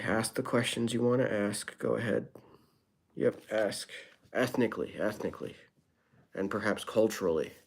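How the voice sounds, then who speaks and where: A man's voice: lowish voice, gravelly, a little mellow. A young man talking casually on his live stream, reading viewer comments aloud and answering them with wry, rambling, self-deprecating asides. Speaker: livestreamer.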